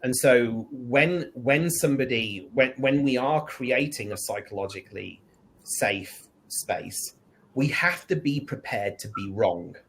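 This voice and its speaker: A man speaking as a guest on a discussion panel, animated, switching into higher voices to act out lines. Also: unhurried, rough recording. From United Kingdom.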